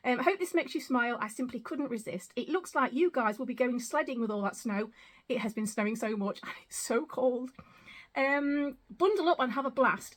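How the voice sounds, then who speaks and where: A high-pitched woman vlogger in her thirties chats away as she opens parcels. She is excitable and warm with thanks, counting items one by one in a casual, rambling way. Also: fairly quick. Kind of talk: casual unboxing vlog.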